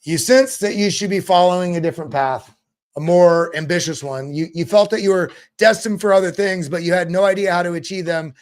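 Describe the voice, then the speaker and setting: A man's voice: high voice, fairly quick. A man hosting a crypto show, giving a casual motivational talk that rambles and often repeats words.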